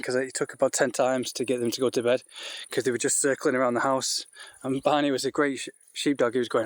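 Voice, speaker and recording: A man giving a casual walk-and-talk vlog outdoors in a farmyard, rambling and chatty with many restarts, and coaxing his animals in a higher voice. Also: steady tone, fairly quick, no echo. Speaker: vlogger keeping poultry on a farm. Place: outdoors in a farmyard by a duck shed.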